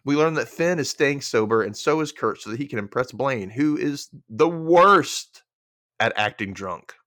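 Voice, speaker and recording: An animated man in casual podcast chat, his pitch swinging widely as he acts out characters' lines. His voice sits mid-range and sounds dry and close. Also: moderate pace, no echo. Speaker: podcast host.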